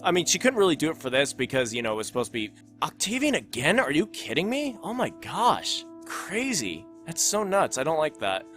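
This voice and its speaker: Young man, gameplay commentary, rambling and excitable, slightly high-pitched, faint game music behind. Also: brisk, few pauses. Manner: rambling, excitable, self-conscious. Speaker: gaming channel host.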